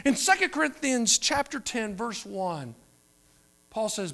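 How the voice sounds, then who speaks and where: A man preaching a sermon, moving between quiet, drawn-out phrases and louder emphatic ones. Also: high-pitched, very animated, vocal fry. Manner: preaching with wide swings between soft and loud. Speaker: pastor.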